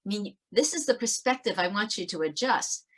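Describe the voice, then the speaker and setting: A woman author giving a brisk webinar talk on parenting over a video call. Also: medium pitch, animated. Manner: brisk, talks fast to fit it all in. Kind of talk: webinar presentation.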